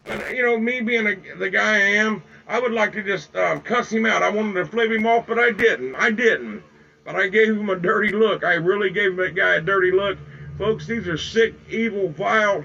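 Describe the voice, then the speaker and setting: An older man ranting angrily on a live phone video outdoors in the bright sun, repeating himself and calling out to "folks". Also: high-pitched, gravelly, dull audio. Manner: heated, repetitive, keeps calling out "folks". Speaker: livestreamer. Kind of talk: angry live-video rant.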